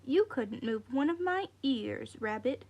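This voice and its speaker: A woman's voice: sits high, lively intonation, unhurried, darkish tone, muffled recording. A woman voicing a big, drowsy male elephant who answers curtly and dismissively. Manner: curt and dismissive.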